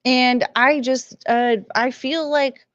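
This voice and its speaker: A woman's voice: high-pitched, fairly even intonation, slow pace, dry recording, highs cut off. A woman hosting a casual livestream, talking in a rambling, emotional way and swearing freely. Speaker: livestream host.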